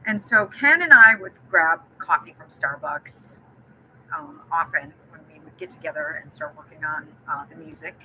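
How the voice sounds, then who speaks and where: A woman's voice: low voice, very animated, normal speed, pushed and bright, a little hiss or hum, rough recording. A woman giving a friendly live-streamed keynote talk and telling a personal story. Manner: friendly, storytelling, greets viewers by name. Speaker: keynote speaker.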